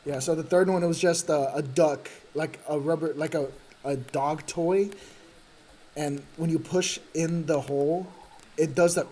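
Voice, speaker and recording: A man's voice: a little high, fairly even intonation, a little slow, mellow, a little hiss or hum. A man streaming a game, telling a rambling, profane story with frequent laughs. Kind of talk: casual gaming chat.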